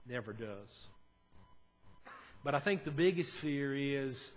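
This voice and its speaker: A man preaching a sermon as a pastor, talking in an earnest, conversational way and moving between quiet and emphatic moments. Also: medium pitch, measured pace.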